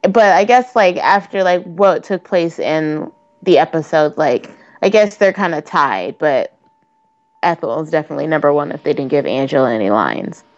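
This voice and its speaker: A woman co-hosting a casual podcast chat, animated and profane, with a constant "like" in her talk. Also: low-pitched, normal speed, dry recording, lo-fi sound. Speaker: podcast co-host.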